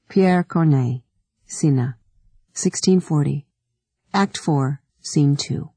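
Woman audiobook narrator, dark mellow tone, dry close sound, measured delivery. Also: low voice, no echo. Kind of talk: scripted narration.

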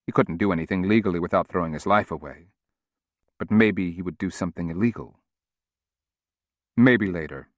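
A man reading a novel aloud in a measured, steady audiobook narration. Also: sits low, no echo.

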